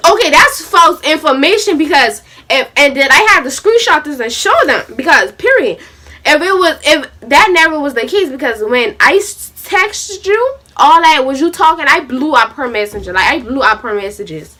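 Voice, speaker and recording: A young woman vlogging a storytime, animated and acting out both sides of an argument. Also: high voice, normal speed, slight background noise. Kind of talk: storytime vlog.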